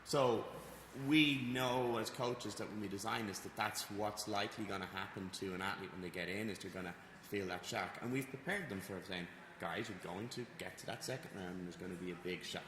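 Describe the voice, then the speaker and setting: Man, Irish accent, very low voice, rambling podcast chat, echoey reverberant room, clear background noise. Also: brisk. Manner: rambling, animated, repeats phrases. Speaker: gym coach and podcast co-host.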